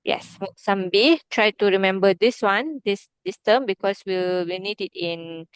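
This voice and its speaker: A woman's voice: mid-range voice, unhurried, clean tone, no echo. A woman teaching an Arabic grammar lesson online, patiently checking in with her student by asking "okay?" and "right?".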